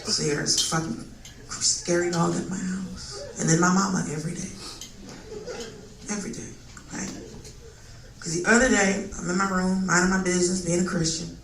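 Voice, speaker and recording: A woman performing a profane, animated stand-up set on a live comedy club stage. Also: lowish voice, moderate pace, pauses often. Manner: profane, animated, acts out quoted voices. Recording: echoey room, distant mic, crowd noise. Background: audience laughter.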